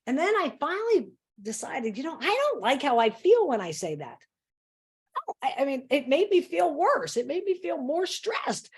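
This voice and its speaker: A woman motivational speaker giving an energetic, playful talk on stress and acting out her own self-talk. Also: normal speed. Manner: lowers her voice for a mantra. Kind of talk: live online talk on stress.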